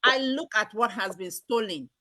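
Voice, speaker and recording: A woman from Ghana, hosting a casual chat in an earnest, expressive way with many fillers. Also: medium pitch, normal speed.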